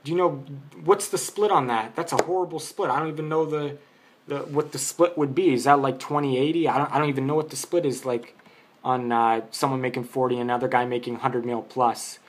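A man's voice: medium pitch, fairly even intonation, a little fast, slight background noise. Argumentative man ranting about boxing. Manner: argumentative, rambling with restarts. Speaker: boxing commentator. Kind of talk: unscripted opinion vlog.

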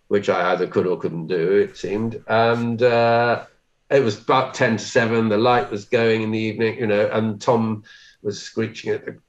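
A man, an actor being interviewed, telling self-deprecating anecdotes with lively quoted asides. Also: lowish voice, highs cut off.

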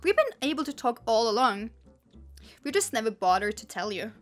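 Cackling, mischievous farm pigs from a storybook, gleeful and teasing, as a young woman reads them. The voice rides a little high and bright. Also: big pitch swings, normal speed, soft background music.

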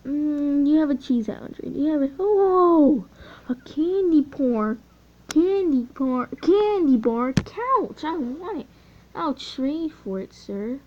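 A teenage girl chatting casually over gameplay, easily excited and often trailing off mid-sentence. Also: sits high, slow, a little hiss or hum. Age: teens. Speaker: gaming channel host. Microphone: phone mic. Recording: dull lo-fi phone audio.

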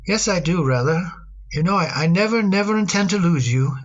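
A woman voicing a gentle, fond middle-aged father in a radio drama, hesitant and given to repeating words. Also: fairly low pitch, expressive, brisk, muffled recording. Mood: wistful.

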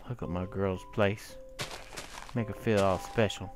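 A man's voice: low-pitched, steady tone, measured pace, over music. A man giving casual commentary while he plays a block-building game, chatting to his animals and the monsters. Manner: chatty, talks to his in-game sheep and mobs, hums. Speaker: gameplay commentator.

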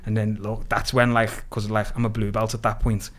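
A man from Liverpool with a Scouse accent, a podcast guest lively retelling his story with quoted dialogue and plenty of swearing. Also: on the low side, normal speed. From Liverpool, England. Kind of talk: casual storytelling interview.

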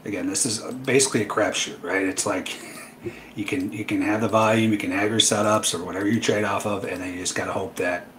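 A man's voice: fairly low pitch, flat delivery, brisk, fairly bright tone, a little hiss or hum, poor audio. A man hosting a live trading webinar, talking casually through his trades with lots of fillers and a dry, sarcastic edge. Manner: loose, rambling, many fillers, dry sarcasm.

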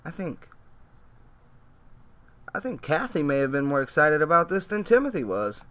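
A man's voice: on the high side, very animated, normal speed, a bit bright. A man giving sarcastic, mocking reaction commentary over a played video.

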